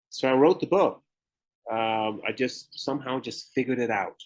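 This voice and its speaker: On a roughly recorded podcast interview, a Southern-accented guest from Memphis, Tennessee, candidly tells his story and laughs often. He's a retired pro bodybuilder and author, speaking in a mid-range voice at a moderate pace.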